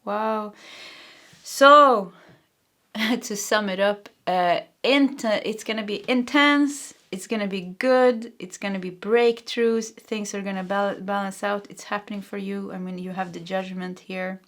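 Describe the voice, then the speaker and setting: A woman's voice: medium pitch, measured pace, a bit bright. Woman, from Sweden, native Swedish, tarot reading, earnest, emotional, chatty with fillers. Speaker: tarot reader. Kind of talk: pick-a-card tarot reading.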